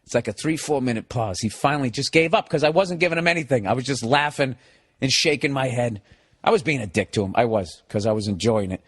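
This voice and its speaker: A man with a medium-pitched voice, talking a little fast, hosts his own podcast as a comedian and launches into a profane, comic storytelling rant. He's animated, swears, laughs, and acts out other people's lines.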